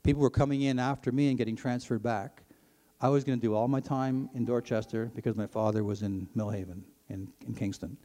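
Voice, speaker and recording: A middle-aged man from Ontario, Canada, speaks briskly in a mellow, darker voice, giving a personal faith testimony to an audience. He tells it earnestly, his pitch climbing as the story grows intense and he gets excited, and a long reverb suggests a large hall.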